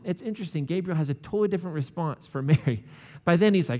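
A man's voice: fairly high pitch, expressive, fast talker, dark tone. Joking man preaching in a hall. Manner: casual and joking, acts out quotes. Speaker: pastor. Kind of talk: conversational sermon. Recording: long hall reverb.

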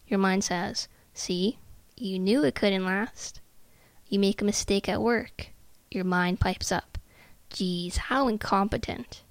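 Woman, podcast host, calm measured delivery, gravelly fry, dry close sound. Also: medium pitch, dry recording. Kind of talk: calm self-help podcast talk.

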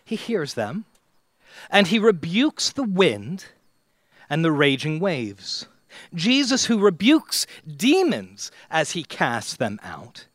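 A man preaching a sermon to his church, slow and dramatic, with long pauses and swings between loud and quiet. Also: a little high, no echo, clean studio sound. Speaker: pastor.

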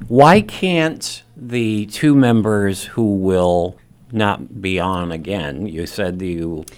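A man's voice: sits low, very slow, darkish tone. A man hosting a local radio talk show, giving short prompts and asking questions. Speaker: radio host.

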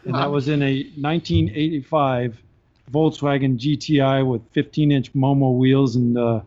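A man telling a story on a podcast in a casual, animated way, laughing between points, heard on slightly dull audio. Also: medium pitch, moderate pace. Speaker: podcast guest.

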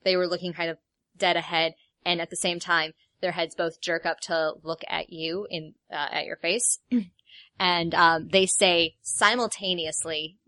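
A woman with a somewhat low voice runs a tabletop game as game master. She narrates the scene in a halting way, full of fillers and restarts. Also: fairly even intonation, bright, forceful tone. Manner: hesitant, many fillers.

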